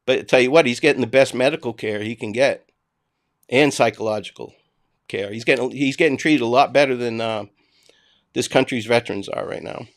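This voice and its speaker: A man's voice: mid-range voice, a little fast. A man with a Boston accent, hosting a casual livestream and ranting bluntly, with profanity, to his viewers. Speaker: livestream host. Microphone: home desk mic, voice only.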